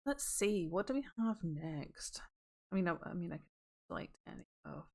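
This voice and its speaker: Scottish woman, casual streamer, playful and chatty, lively upbeat delivery. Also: lowish voice, normal speed, vocal fry. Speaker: variety streamer. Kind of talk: casual live-stream chat.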